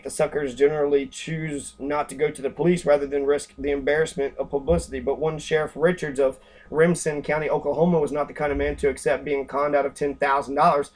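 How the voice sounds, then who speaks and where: A man with a voice sitting a little high for his sex reads a book passage aloud in a plain way. He keeps breaking off into casual, cursing commentary full of fillers and restarts. Now and then he briefly acts out the people he quotes. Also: a little mellow. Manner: rambling, profane, with many fillers.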